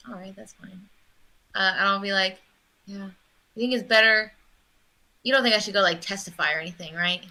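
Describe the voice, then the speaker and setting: A woman's voice: medium pitch, brisk, long pauses, pushed and bright, low-quality recording. A woman playing a tabletop game, chatting casually and asking lots of questions. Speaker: player.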